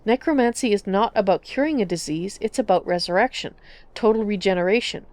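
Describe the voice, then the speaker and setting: A woman's voice: mid-range voice, a little fast, darkish tone, no echo, natural voice. A woman voicing a cheeky young man necromancer who talks glibly. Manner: grinning, glib.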